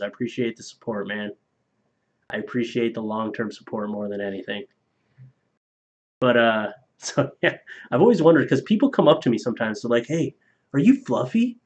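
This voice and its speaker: A man's voice: mid-range voice, a little fast, darkish tone. A man on a casual live stream reading viewer donations aloud, loose and profane, laughing at his own jokes. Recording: slightly dull lo-fi stream audio.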